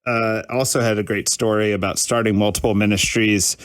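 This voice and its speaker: A man's voice: fairly low pitch, fairly even intonation, a little fast, smooth. A man hosting a podcast, chatting casually with his guest and using lots of filler words. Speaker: podcast host. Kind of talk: casual interview chat.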